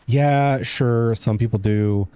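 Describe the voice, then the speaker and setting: A man's voice: medium pitch, slow, mellow, clear, resonant tone, no room sound. A young man streaming a game, rambling casually to his chat as he plays. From United States. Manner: rambling, chatty, talks to chat while playing. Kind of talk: casual gameplay commentary.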